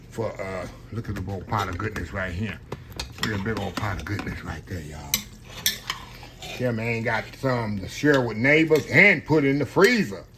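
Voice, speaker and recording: A man's voice: medium pitch, noisy background. A man hosting a casual home cooking vlog, folksy and chatty, tasting his food on camera and talking with his mouth full. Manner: folksy, warm, keeps saying y'all. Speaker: cooking channel host.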